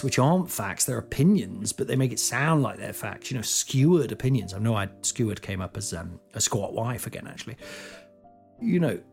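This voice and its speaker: A man's voice: medium pitch, gravelly. Frank, sweary British man. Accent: British English. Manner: frank, sweary, rambling with restarts. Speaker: comedian guest speaker. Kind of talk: candid personal monologue.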